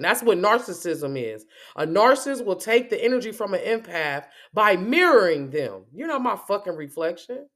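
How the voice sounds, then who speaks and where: A woman's voice: mid-range voice, big pitch swings, moderate pace, fairly bright tone. A woman in the middle of a spoken rant, confrontational and swearing hard. She circles back to the same points over and over. Her voice sits in a middle range. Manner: confrontational, heavy cursing, repeats herself.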